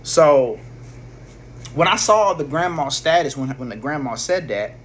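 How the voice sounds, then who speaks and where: A man's voice: a little high, animated, measured pace, fairly bright tone, a little hiss or hum. A man casually telling a personal story, rambling with slang, swearing and frequent restarts. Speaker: vlogger.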